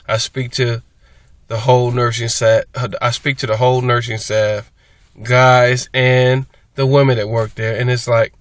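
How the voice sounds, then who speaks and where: A man's voice: medium pitch, fairly bright tone, no echo. A man talking casually to his viewers in a rambling, repetitive way, often restarting his sentences. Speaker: vlogger. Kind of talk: casual monologue to camera.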